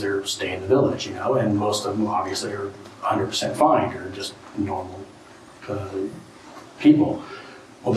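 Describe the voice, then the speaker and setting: A middle-aged man, a guest speaker, telling an anecdote to an audience in a casual, animated way, with frequent "you know" and "right?". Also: fairly low pitch, a little hiss or hum. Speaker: guest speaker, tribal art collector. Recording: very echoey room, distant mic, faint ambience.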